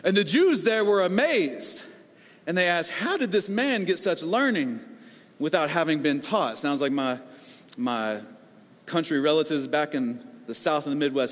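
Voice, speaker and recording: A man preaching a sermon as pastor, animated and conversational, acting out the people he quotes. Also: a little high, moderate pace, in a large hall.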